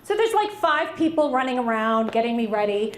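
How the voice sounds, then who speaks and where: A woman in her forties doing a stand-up comedy set, animated and acting out voices in her stories. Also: a little high, a little fast. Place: virtual variety show stage. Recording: roomy, with loud crowd and noise.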